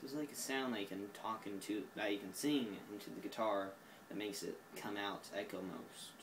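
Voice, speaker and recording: A man's voice: lowish voice, moderate pace, noisy background. A tired man with an Oklahoma accent, rambling goofily through a casual vlog monologue recorded on a phone while sitting indoors. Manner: goofy, drifting, self-mocking. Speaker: vlogger.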